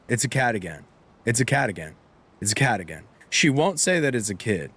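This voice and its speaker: Streamer masculin, bavard, voix de hauteur moyenne, très expressive, jurons fréquents. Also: male voice, medium pitch, normal speed, slightly rough. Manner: animated, chatty, laughing, swears freely. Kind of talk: casual live-stream chat while gaming.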